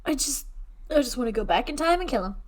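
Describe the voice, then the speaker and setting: High-voiced woman, outspoken true crime co-host. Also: lively intonation, quick pace. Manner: outspoken, swears, vehement. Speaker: podcast co-host. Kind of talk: casual true crime chat.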